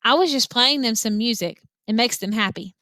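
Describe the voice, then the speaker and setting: A woman reading the lines of a shy, awkward grown man who works in a pet shop, in a children's storybook, speaking softly and haltingly. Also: a little high, no echo, studio quality.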